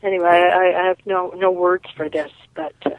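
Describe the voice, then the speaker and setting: A woman's voice: on the low side, fairly even intonation, normal speed, no room sound. A woman calling in to an interview, telling stories in a rambling way with many restarts, over a tinny phone line. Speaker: caller and guest.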